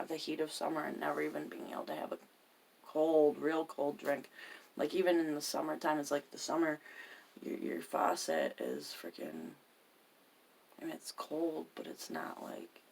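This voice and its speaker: Woman, podcast host, gravelly voice, personal storytelling, profane, emphatic. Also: sits low, moderate pace, darkish tone. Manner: profane, emphatic, swears constantly.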